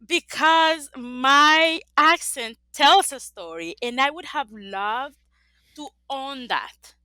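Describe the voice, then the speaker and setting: Her voice sits high and moves slowly, with a sharp tone and no room sound. She is a middle-aged native Spanish speaker from the Dominican Republic, accented in Spanish, who laughs often while speaking earnestly and reflectively in an interview.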